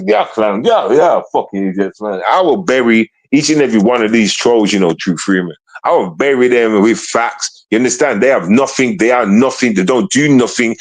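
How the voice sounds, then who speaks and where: A man on a casual livestream ranting at online trolls, confrontational and profane, repeating himself often. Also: medium pitch.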